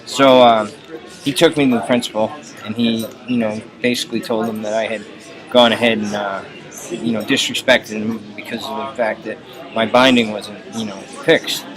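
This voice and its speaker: A man's voice: fairly low pitch, steady tone, moderate pace, over music, rough recording. A man casually telling rambling personal stories, full of "you know" fillers. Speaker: storyteller. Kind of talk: casual anecdotes.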